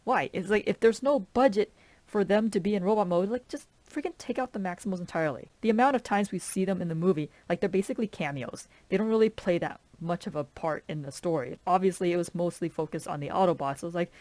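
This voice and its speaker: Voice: medium pitch, fast, darkish tone, dry recording. A film reviewer ranting casually, filling every sentence with "like" and sounding fed up with the movie's choices. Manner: rambling, heavy use of "like"; exasperated, complaining.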